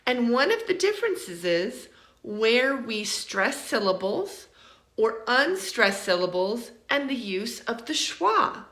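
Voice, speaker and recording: A woman teaches pronunciation slowly and deliberately, saying each example word carefully and then again. Her voice sits a little high. The room around her gives an echoey ring. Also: very animated, fairly bright tone. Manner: slow, deliberate, repeats model words for learners. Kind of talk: recorded online lesson.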